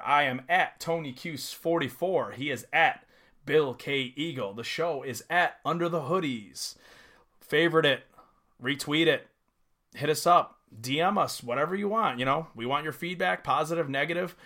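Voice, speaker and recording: A young man co-hosts a casual sports podcast, joking and animated. His voice sits fairly high with a bright, forceful edge. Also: normal speed. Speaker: podcast co-host. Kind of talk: casual chat.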